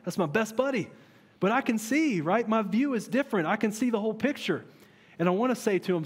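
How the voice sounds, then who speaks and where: A man in his thirties preaching a sermon as pastor, conversational and animated, with many rhetorical questions. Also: high-pitched, brisk, slightly rough. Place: large church hall. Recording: long reverb of a church hall.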